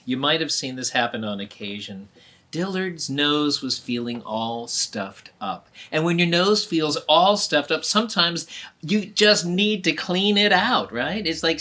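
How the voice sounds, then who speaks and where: A woman telling a story live to children, animated and asking them questions along the way. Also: deep voice, unhurried.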